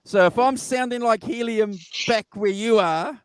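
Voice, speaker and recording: A man with a New Zealand accent hosting a casual live-stream chat, excitable and easily flustered. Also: sits high, unhurried, clear, resonant tone, no room sound. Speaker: show host.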